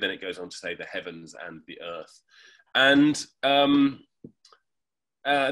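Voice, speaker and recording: Guy on a remote call explaining stuff as an interview guest, bright voice, keeps going with ums and uhs. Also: fairly low pitch. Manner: animated, thoughtful explainer with fillers. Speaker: guest, reverend and hypnotherapist.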